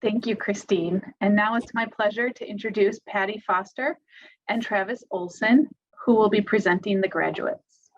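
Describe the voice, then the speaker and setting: A woman hosts a virtual graduation in a scripted, friendly and formal manner. Her voice sits at a middle pitch. The recording sounds a little dull and lo-fi. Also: fairly even intonation, moderate pace. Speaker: ceremony host. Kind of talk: scripted ceremony hosting.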